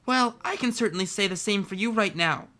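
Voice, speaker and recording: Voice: mid-range voice, brisk, bright, forceful tone, pitched above the performer's own voice, close to an everyday voice. A reader doing a dramatic read-aloud as a young woman who answers an accusation indignantly. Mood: defiant. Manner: indignant, raised voice. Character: young woman, hurt and defiant.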